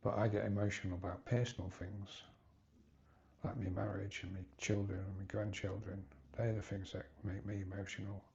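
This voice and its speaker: Gravelly-voiced man, halting and hesitant. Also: lowish voice, level tone, a little mellow, highs cut off. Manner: hesitant, halting, rambling with restarts. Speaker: vlogger. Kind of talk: personal confessional vlog.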